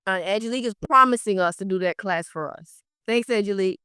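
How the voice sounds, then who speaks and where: A woman, running a real estate training class in an energetic, direct way. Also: mid-range voice, fast, smooth, no room sound, clean studio sound. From South Florida. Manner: energetic, talks straight to the class.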